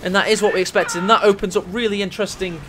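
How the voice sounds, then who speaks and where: A high-pitched man calls a strategy game match with jokey, excitable energy, his voice climbing into shouts at the big plays. Faint gunfire and engine sounds from the game run underneath. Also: racing, background noise. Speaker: game caster. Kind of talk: energetic esports commentary.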